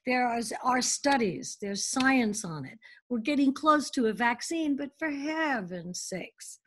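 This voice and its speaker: An older woman as an interview guest, chatting in a theatrical, lively way and jumping from thought to thought over a video call. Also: high voice, unhurried, slight background noise. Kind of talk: casual interview chat.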